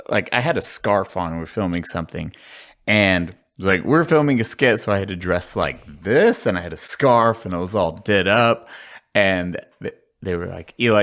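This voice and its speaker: Male podcast host, deep gravelly voice with a lot of fry, tells stories animatedly. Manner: animated storyteller acting out quoted voices, swears freely. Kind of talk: casual podcast chat.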